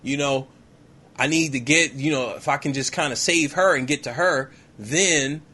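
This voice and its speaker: A man hosting a podcast, retelling a movie in a slangy, animated comic style full of "yo, man," slipping in quick character voices. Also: a little high, slightly rough. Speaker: podcast host. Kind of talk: comedic movie recap.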